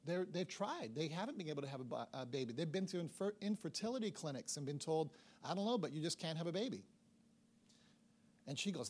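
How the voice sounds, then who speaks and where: A man delivers a sermon to a congregation, telling a personal story and slipping into the other people's voices as he goes. His voice sits a little higher than most men's. He sounds middle-aged. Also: brisk. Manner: animated storytelling, acts out dialogue. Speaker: pastor.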